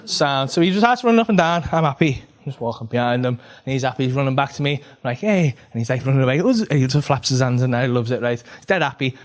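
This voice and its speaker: Sweary comedian telling a story. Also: male voice, mid-range voice, fast talker, hardly any pauses. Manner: rambling, sweary, lively storytelling full of "right?" checks. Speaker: stand-up comedian. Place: comedy club stage.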